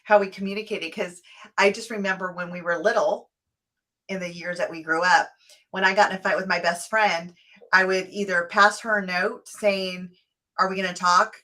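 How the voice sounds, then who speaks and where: Bright-voiced middle-aged female co-host. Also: on the low side, fairly even intonation, normal speed. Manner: conversational, quotes remembered dialogue. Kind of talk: casual talk show chat.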